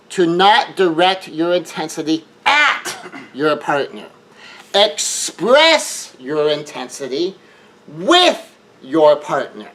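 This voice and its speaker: Very animated, with a highish, fairly bright male voice on a rough recording, he gives sincere relationship advice as a monologue. Words get repeated as he rushes to build his argument, and he plays out quoted scenes.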